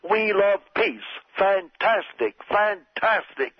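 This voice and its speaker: A brash, self-praising male politician who keeps piling on superlatives, pitched high and slightly husky, as a man puts him on. The sound is dull and lo-fi. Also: expressive, slow pace, no room sound, full character voice. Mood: boastful. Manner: repetitive superlatives, blustering. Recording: dull lo-fi recording.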